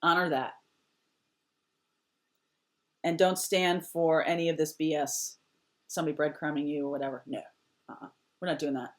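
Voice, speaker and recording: A tarot reader with a low voice talks fairly quickly and with a flat delivery during a casual reading to camera. She repeats short, firm phrases with emphasis, now and then dropping to almost a whisper.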